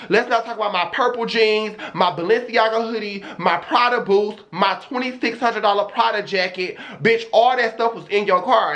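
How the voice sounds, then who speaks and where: Young male streamer, high voice, sassy and dramatic storyteller for a vlog. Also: a bit bright.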